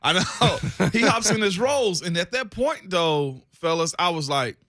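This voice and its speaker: A man co-hosting a sports radio show, a former pro athlete telling animated stories and laughing often in a studio. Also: sits high, a little slow, no echo. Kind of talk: casual radio chat.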